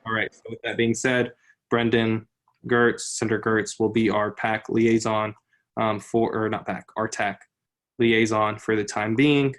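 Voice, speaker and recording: A man presiding over a student senate meeting, brisk and procedural. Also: fairly low pitch, little pitch movement. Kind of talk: chairing a meeting.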